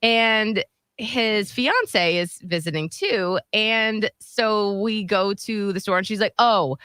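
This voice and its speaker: A woman's voice: mid-range voice, takes it slowly, clean tone, no echo, clean studio sound. A young woman co-hosting a radio show, telling a story in casual chat and acting out the voices in it. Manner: animated storytelling, acts out voices.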